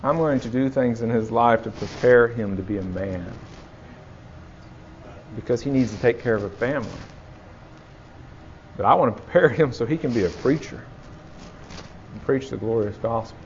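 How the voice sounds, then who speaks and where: A man's voice: mid-range voice, normal speed, pauses often. Male pastor, 30s, fervent sermon delivery, muffled lo-fi sound with faint hiss. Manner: impassioned, dramatic quoting, repeats for emphasis.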